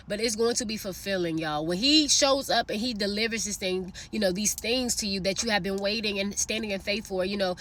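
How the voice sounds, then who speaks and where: A woman's voice: medium pitch, pushed and bright. A woman casually telling a personal faith story and encouraging her listeners, chatty, with many fillers, calling out to them directly. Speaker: faith vlogger sharing a prophetic word.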